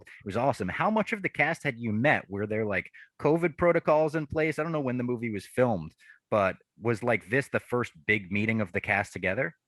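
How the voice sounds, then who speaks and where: A man's voice: fairly low pitch, animated, normal speed, a bit bright, dry recording. A man hosting a podcast interview, chatty and enthusiastic, using lots of casual fillers. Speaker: podcast host.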